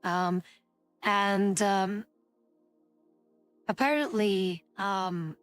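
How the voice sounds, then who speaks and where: A woman's voice: mid-range voice, extremely slow, smooth. A woman streamer casually telling a story to her chat, rambling with many fillers and restarts, with faint music behind her.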